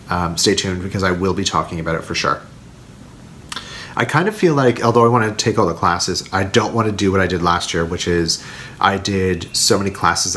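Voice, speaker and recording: A man's voice: low-pitched, fairly bright tone, slight background noise. A man hosting a knitting video podcast, chatting casually to camera and rambling with frequent fillers.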